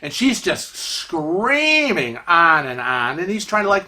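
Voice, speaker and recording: A man tells a story casually on his vlog, full of "you know" and "um," chuckling as he goes. His voice has a bright, forward tone. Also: high-pitched, sing-song, slow pace, hardly any pauses. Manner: chatty, many fillers, laughs while telling. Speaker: vlog host telling a travel story.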